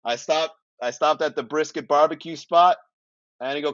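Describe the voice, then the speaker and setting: A man's voice: fairly high pitch, normal speed, fairly bright tone, no room sound, muffled recording. A man from Miami hosting a casual comedy livestream, joking and chatting with viewers, laughing at his own jokes. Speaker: comedy podcast host.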